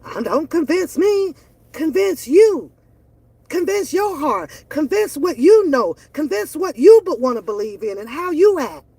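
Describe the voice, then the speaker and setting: A woman's voice: sits high, very animated, a little slow, warm tone, dry recording. A woman, ranting bluntly and profanely on her reaction channel. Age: 40s. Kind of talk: casual opinion rant.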